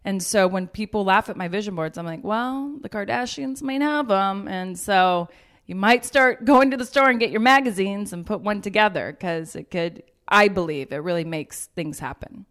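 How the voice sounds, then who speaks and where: Animated woman in her thirties. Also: medium pitch, moderate pace. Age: 30s. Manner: animated storytelling, acts out quoted voices. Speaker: guest. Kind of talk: casual conversation.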